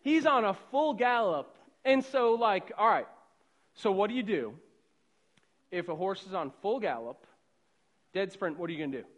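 A middle-aged man from the Boston suburbs preaches at a moderate pace, his high voice expressive and broken by long pauses. His sermon story is loose and conversational, ranging from hushed to loud.

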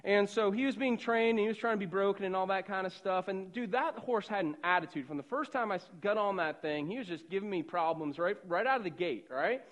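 Here a middle-aged Boston-suburbs preacher moves briskly through a conversational story, leaving few pauses. His high voice shifts from hushed moments to loud ones.

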